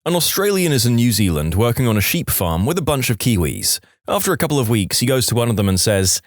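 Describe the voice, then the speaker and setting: Lively-pitched man telling jokes. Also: fast talker, no room sound, clean studio sound. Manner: animated, slips into funny character voices. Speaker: podcast narrator. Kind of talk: joke storytelling narration.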